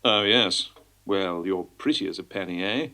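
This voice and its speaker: A man's voice: low voice, moderate pace, pushed and bright. A man doing a smarmy, flirty gent.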